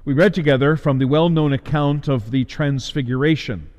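A man delivering a sermon as a preacher, measured, with emphatic rises and slowed stresses. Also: on the high side, darkish tone, in a large hall.

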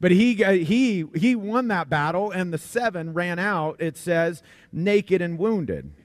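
A man's voice: high-pitched, lively intonation, a little slow, no echo. A man preaching a sermon in a conversational, folksy way, often repeating words as he explains a Bible passage. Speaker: pastor.

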